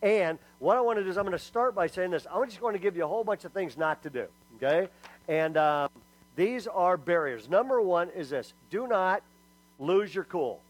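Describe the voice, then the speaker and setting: A middle-aged man giving a lively sermon-style talk to parents. He is emphatic and humorous, and keeps asking the audience "okay?" after each point. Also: high-pitched, moderate pace, rough recording. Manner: humorous storyteller. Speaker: speaker at a church parenting talk.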